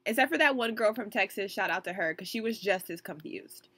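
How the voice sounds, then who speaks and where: A woman's voice: medium pitch, expressive, a little fast, a crowd in the background. A young woman co-hosting a podcast in casual chat, upbeat and enthusiastic, laughing as she talks. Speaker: podcast co-host.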